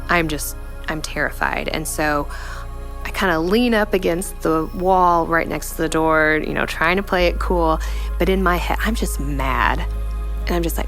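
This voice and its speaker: A young woman giving a personal faith testimony in a reflective, halting way, full of "you know" fillers. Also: low-pitched, fairly bright tone, faint music behind. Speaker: storyteller sharing a personal testimony.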